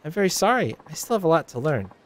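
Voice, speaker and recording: A man's voice: on the high side, big pitch swings, fast, a little hiss or hum, voice pushed up. A man voicing a polite, apologetic teenage girl idol while reading video game dialogue aloud. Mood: meek. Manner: apologetic, hesitant.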